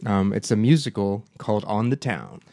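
A man's voice: on the low side, expressive, moderate pace, creaky, warm tone, no echo. A man co-hosting a casual movie chat, wry and matter-of-fact.

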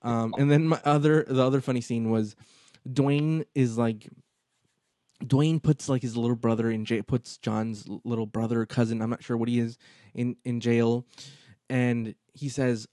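A man in casual podcast chat, retelling movie scenes in a lively way and acting out the lines. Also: mid-range voice, moderate pace, no room sound, studio quality. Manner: animated storytelling, acts out movie lines. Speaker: podcast co-host.

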